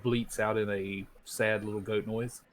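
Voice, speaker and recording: A man narrating as game master of a tabletop game, relaxed and hesitant, with frequent ums. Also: on the low side, unhurried.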